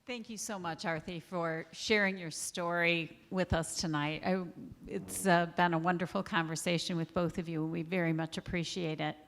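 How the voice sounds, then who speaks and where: A woman's voice: on the low side, fairly even intonation, moderate pace, few pauses, a little hiss or hum. A woman in the audience politely thanking the speakers before asking her question. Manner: polite, appreciative. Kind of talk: audience question at live event.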